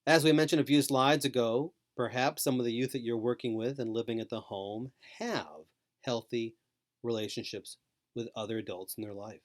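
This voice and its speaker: A man giving a scripted training lecture to caregivers, speaking slowly with calm, repetitive emphasis. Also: medium pitch. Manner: slow, repetitive, soothing emphasis.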